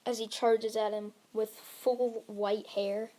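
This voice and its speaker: A woman's voice: on the high side, level tone, slow pace, dark tone. A woman narrating an improvised fan-fiction story, rambling along with frequent restarts. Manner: rambling, with many restarts and fillers.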